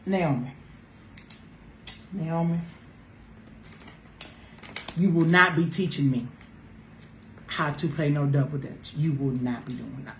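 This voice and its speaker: A woman with a lowish voice chats casually on a talk panel, teasing her friends and swinging from loud outbursts to quiet mutters. The room echoes noticeably, with a faint hiss underneath. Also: slow, long pauses. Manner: animated, teasing, swings between loud exclamations and low asides. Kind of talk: casual group chat. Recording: roomy echo with faint noise.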